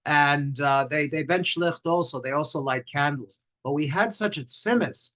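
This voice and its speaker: A man's voice: on the high side, moderate pace, sharp tone. Joking older man leading synagogue singalong. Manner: joking, self-deprecating, leads call-and-response singing. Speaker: rabbi leading services. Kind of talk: livestreamed Friday night service with teaching and song. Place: synagogue sanctuary.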